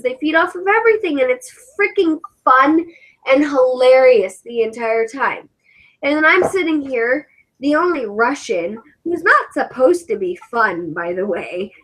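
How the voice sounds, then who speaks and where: This high, fairly bright voice belongs to an English-accented woman hosting a livestream as a cosplayer. She chats casually, rants animatedly and swears freely, and the audio quality is poor.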